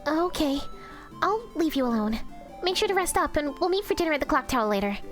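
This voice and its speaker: A woman's voice: high voice, expressive, quick pace, soft background music, pitched above the performer's own voice. Woman doing a chirpy caring young woman. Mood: concerned. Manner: gentle, chirpy, concerned.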